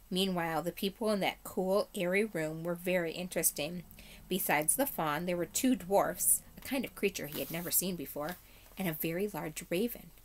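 A woman teacher reading a chapter book aloud to her class in a steady storytelling way. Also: on the low side.

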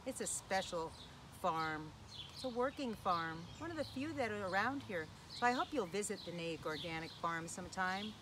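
A woman's voice: fairly low pitch, noisy background. A woman hosting a children's sing-along lesson in a playful, sing-song way, asking young listeners questions. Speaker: children's program host.

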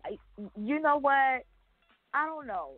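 A woman's voice: high-pitched, lively intonation, takes it slowly, no room sound, soft background music. A woman in her fifties, a guest on a radio interview, talking loosely with many fillers and restarts. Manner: rambling, many "you know" fillers and restarts. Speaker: guest rapper. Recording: dry tinny phone-like line.

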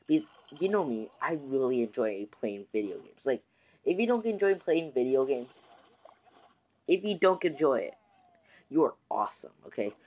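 A man's voice: on the high side, darkish tone. A man hosting his own gaming channel, chatting casually to viewers in a rambling way with many restarts and fillers. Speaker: gaming YouTuber host. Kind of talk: casual let's-play commentary.

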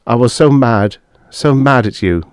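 A man's voice: mid-range voice, expressive, measured pace, darkish tone, no echo, clean studio sound, pitched above the performer's own voice, close to an everyday voice. A man voicing a remorseful young husband who mutters between sobs.

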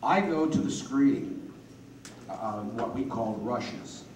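A man's voice: mid-range voice, takes it slowly, a little mellow, slight background noise. A man speaking earnestly as a panel guest, recorded from far off in an echoey hall. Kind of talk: convention panel storytelling.

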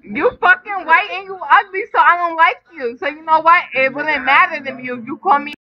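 Drunk giggly woman, very high voice. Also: a little fast. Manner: giggly, teasing, repetitive. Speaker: livestreamer. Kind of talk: drunk casual livestream banter. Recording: dull lo-fi stream audio.

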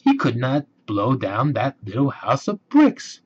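A man reading a children's storybook aloud, slow and expressive. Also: mid-range voice, background noise. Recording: dull lo-fi recording.

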